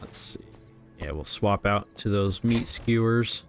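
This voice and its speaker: A man chatting casually on a game livestream, rambling and relaxed as he talks to his viewers while playing. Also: fairly low pitch, measured pace, faint music behind. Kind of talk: casual gaming livestream chat.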